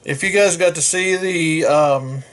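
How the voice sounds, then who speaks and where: A man's voice: a little high, unhurried, a bit bright. A man hosting a casual product review, talking in a rambling, folksy way and correcting himself as he goes. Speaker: gear reviewer.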